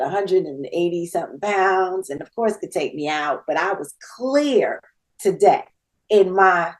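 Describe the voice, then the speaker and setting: A woman in her fifties, a podcast guest, telling a story in a lively, laughing way and acting out the dialogue. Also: fairly low pitch, low-quality recording. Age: 50s. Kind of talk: casual storytelling.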